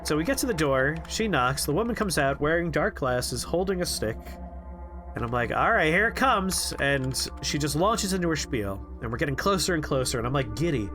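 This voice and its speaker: A man's voice: fairly high pitch, brisk. A man casually telling a funny story on a game stream, acting out the people in it. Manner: animated, quotes people in shifting voices, laughs. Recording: faint music behind.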